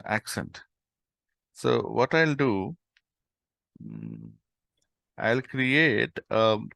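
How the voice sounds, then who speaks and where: Slow, gravelly man teaching code. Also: medium pitch, fairly bright tone, dry recording, clean studio sound. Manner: thinks aloud while typing, many fillers like okay and um. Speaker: programming tutor. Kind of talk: screen-recorded coding lesson.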